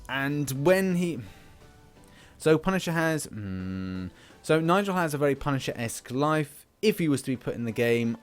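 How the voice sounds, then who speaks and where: A man's voice: mid-range voice, smooth. A British man hosting a game channel, giving casual, rambling commentary with many restarts. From Britain. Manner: rambling, lots of fillers and restarts.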